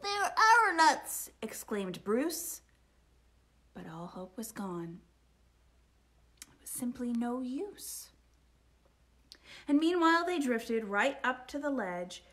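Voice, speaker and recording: A woman reading a rhyming children's picture book aloud, expressive and sing-song, sometimes dropping to a whisper. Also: on the high side, slow, long pauses. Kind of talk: storytime read-aloud.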